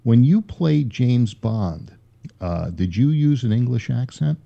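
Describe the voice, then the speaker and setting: Gravelly, hesitant man on lo-fi audio. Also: mid-range voice, expressive, slow, mellow. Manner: hesitant, many uhs and short agreements. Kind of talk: casual chat. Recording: dull, lo-fi sound.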